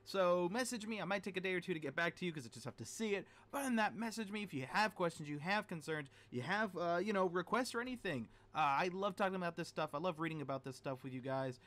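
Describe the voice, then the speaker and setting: A man hosting a storytelling podcast, retelling a myth in a chatty, rambling way full of animated asides. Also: high voice, fast, hardly any pauses.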